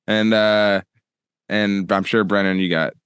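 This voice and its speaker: Smooth-voiced, low-pitched male podcast host. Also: steady tone, a little slow, a bit bright, dry recording, clean studio sound. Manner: laughs often, chatty. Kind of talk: casual podcast chat.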